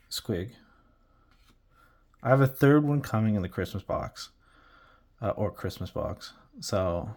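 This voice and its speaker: A man with a low, warm voice rambles casually while he paints at his hobby desk. He is playful and chatty, often trailing off mid-thought before circling back. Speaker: hobby miniature painter, channel host.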